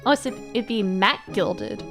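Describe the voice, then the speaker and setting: A woman's voice: medium pitch, unhurried, music in the background. Chatty woman streamer. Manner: chatty, explanatory. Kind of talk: casual chat while playing a game.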